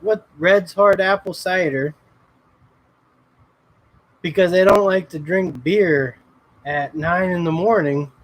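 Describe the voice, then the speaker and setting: Male livestream host, slow-talking, higher voice, rambling chat with viewers. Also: rough recording. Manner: laid-back, rambling, greets viewers by name. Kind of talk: casual livestream chat reading comments.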